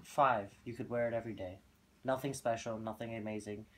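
A man co-hosting a casual product review, joking with goofy hype and deadpan asides. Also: lowish voice, a little fast. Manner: goofy, loud hype bursts, deadpan jokes. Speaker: co-host of a fragrance review channel.

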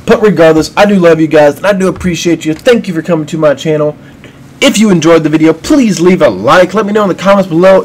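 Man, gaming rant, frustrated, swears a lot, rambling, apologetic to viewers, somewhat high voice. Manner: apologetic and friendly toward viewers. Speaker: gaming video creator. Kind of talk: unscripted ranting commentary.

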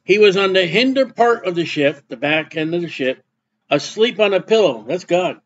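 A male preacher with a high, animated voice reads Bible verses at a normal pace, then explains them in plain, conversational asides. The audio has its high frequencies cut off.

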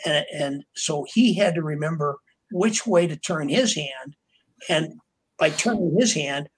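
An older man, a writer interviewed on a podcast, takes his time telling long anecdotes, his somewhat high, husky voice moving with lively intonation. He rambles with many fillers and restarts and acts out what others said, all in a rough recording.

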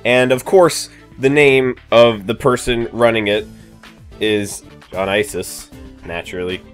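A man giving comedic let's-play commentary as a gaming YouTuber, goofy and jokey, with sudden excited yelps. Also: mid-range voice, measured pace, faint music behind.

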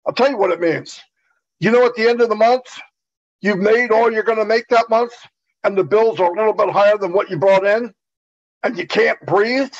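High-voiced man, dull lo-fi call audio. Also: normal speed. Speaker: webinar presenter. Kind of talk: enthusiastic pep talk.

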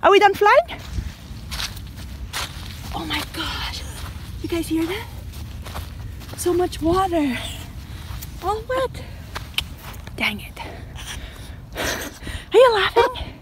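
A woman's voice: very high voice, very animated, takes it slowly, long pauses, noisy background. A woman vlogger talking to her pet bird in playful baby talk and to her viewers in a casual way.

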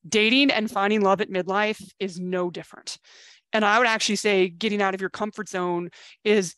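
A middle-aged woman coaching with blunt tough love, casual and chatty, with the odd swear word. Her voice sits at a middle pitch, and the recording is dry and close, with no room sound. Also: a bit bright, no echo. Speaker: dating coach. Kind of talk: coaching video talk to camera.

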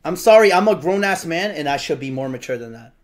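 Man late 20s, high pitched voice, teasing streamer banter, excitable and joking with chat. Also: quick pace. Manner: playful, teasing, excitable, bursts into loud laughs. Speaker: streamer running player tryouts.

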